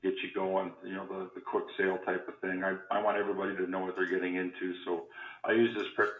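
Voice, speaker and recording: Male phone recruiter, very deep, monotone, phone-quality audio. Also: fast talker. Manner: hesitant, filler-heavy. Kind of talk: sales phone call. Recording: tinny phone line in an echoey room.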